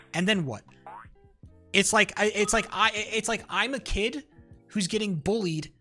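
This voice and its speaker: A man's voice: sits high, fairly bright tone. A young man streamer ranting in casual chat, heated and rambling, full of fillers, restarts and swearing. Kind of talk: casual livestream rant. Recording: faint music behind.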